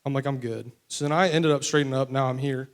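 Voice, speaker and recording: He's a young man from West Virginia, talking fast in a steady, mid-range voice. His recovery testimony comes out candid and rambling, full of fillers.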